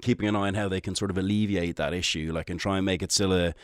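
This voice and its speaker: A man's voice: low voice, fairly even intonation, quick pace, no room sound, studio quality. A man with a Dublin Irish accent, a travel journalist chatting as a guest in an enthusiastic, rambling way with frequent restarts. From Ireland, Dublin. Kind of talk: casual radio interview chat.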